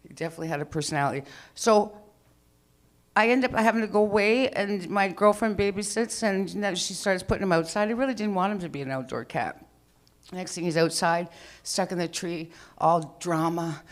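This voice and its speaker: A woman's voice: lowish voice, expressive, fairly quick. A woman telling a personal story live at an open mic, in a chatty, rambling way, acting out voices. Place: live venue stage.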